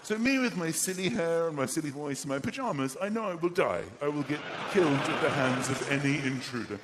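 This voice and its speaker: A man doing live stand-up comedy, animated and self-mocking. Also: fairly high pitch, a little fast. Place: comedy stage before an audience. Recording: loud live-venue background noise.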